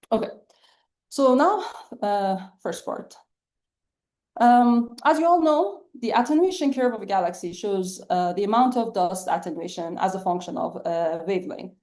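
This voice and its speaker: Mellow-voiced woman giving a science lecture. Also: medium pitch. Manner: many "uh" fillers, measured explanatory pace. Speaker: astronomy researcher giving a webinar talk.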